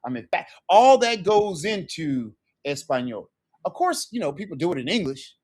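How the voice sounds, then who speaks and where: A man's voice: fairly high pitch, big pitch swings, moderate pace, a little mellow. A middle-aged man teaching an online Spanish lesson, repeating phrases with rising emphasis.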